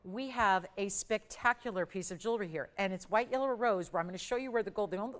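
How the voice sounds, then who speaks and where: A woman hosting a live TV jewelry auction, calling out bids in brisk, upbeat sales patter. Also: mid-range voice, long reverb tail. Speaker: live shopping auction host.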